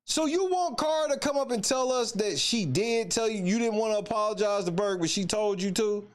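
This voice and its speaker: A man's voice: high voice, fairly quick. A man hosting a live reaction stream, mocking and incredulous. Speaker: commentary show host.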